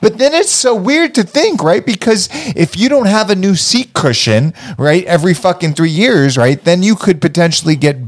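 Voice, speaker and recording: A man hosting a casual chat, relaxed, asking questions and swearing casually. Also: high voice, moderate pace, hardly any pauses, no echo. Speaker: podcast host.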